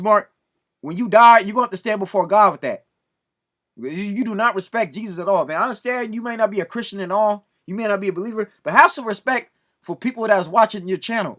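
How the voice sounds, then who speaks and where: A man's voice: sits high, fairly bright tone. A man ranting in commentary, scolding and preaching with lots of repetition. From Southern California. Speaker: video commentator.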